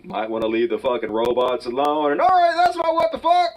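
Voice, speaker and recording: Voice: medium pitch, animated, brisk, low-quality recording. A voice from a played comedic news commentary clip, sarcastic and profane. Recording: loud guitar music under voice. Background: guitar music.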